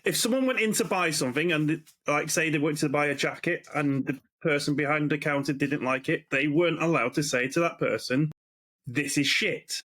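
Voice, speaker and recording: A man from Blackpool, hosting a podcast and telling stories in a sweary, animated way. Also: on the high side, fairly quick, hardly any pauses. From Blackpool, England. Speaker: podcast host. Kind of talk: casual chat.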